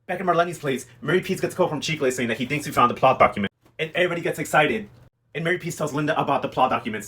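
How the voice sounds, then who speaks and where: A man casually recapping a TV drama in a gossipy, animated way, acting out the characters' lines as he goes. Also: a little high, very fast, breathy edge. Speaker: host recapping a TV novela. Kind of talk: casual chat.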